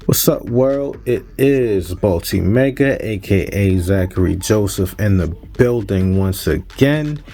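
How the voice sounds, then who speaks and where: A man's voice: lowish voice, lively intonation, takes it slowly, few pauses, noisy background. A man in his thirties, a music producer hosting a casual gear-unboxing vlog, upbeat and chatty as he plugs his channel.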